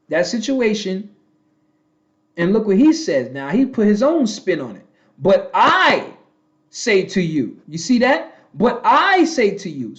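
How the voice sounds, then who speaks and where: Guy preaching scripture kinda high voice, blunt and slangy, keeps going "okay? right?", dull lo-fi sound. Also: darkish tone. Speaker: self-styled prophet teaching scripture. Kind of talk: street-style scripture lecture.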